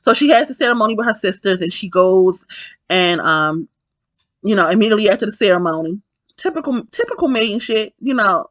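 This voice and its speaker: Bright-voiced woman rambling through a recap. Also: mid-range voice, lively intonation, brisk, no room sound. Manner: rambling, profane, keeps asking "right?" and addressing "y'all". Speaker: film reviewer. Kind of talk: casual film recap.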